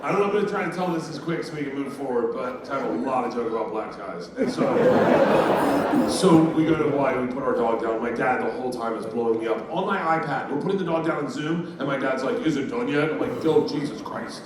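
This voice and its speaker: A man's voice: medium pitch, animated, fast. A man in his fifties doing stand-up, telling a profane, rowdy story and laughing through it, recorded live. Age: 50s. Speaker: stand-up comedian. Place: live comedy venue, audience laughter. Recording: echoey distant room recording with noise.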